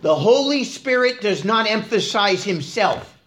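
Preaching in a relaxed, conversational way, this man has a high-sitting voice with lively intonation and a measured pace. He asks his congregation questions, swinging from loud emphasis to quiet asides.

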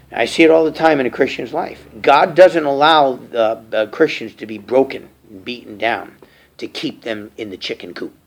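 Lively male preacher teaching scripture. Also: fairly high pitch, breathy edge. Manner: reads scripture aloud, then explains it in plain talk; repeats and restarts phrases with fillers. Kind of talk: verse-by-verse Bible teaching sermon.

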